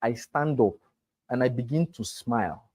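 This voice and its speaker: A man's voice: medium pitch, normal speed, a little mellow. A man teaching a sales class, emphatic and talking straight to his students. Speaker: real estate sales trainer. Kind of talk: motivational class lecture.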